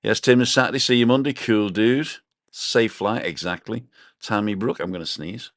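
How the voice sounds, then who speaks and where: A man's voice: fairly low pitch, normal speed, dry recording, clean studio sound. A man co-hosting a casual live stream from his balcony, rambling chattily and reading out viewer comments. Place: home balcony.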